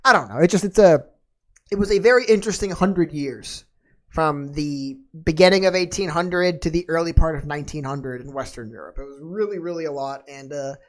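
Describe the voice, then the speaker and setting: A woman's voice: deep voice, a little fast. A woman hosting a podcast in casual chat, rambling off on tangents with a slangy, laid-back manner and plenty of fillers and restarts. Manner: laid-back and slangy, calling listeners dude and man. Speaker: podcast host.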